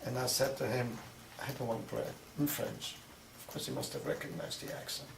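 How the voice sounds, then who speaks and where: A man's voice: medium pitch, little pitch movement, creaky. Older Viennese-accented man recounting memories. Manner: measured storytelling with vivid recalled dialogue. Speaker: interviewee. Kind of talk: oral history interview. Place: interview room. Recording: roomy, distant mic with noise.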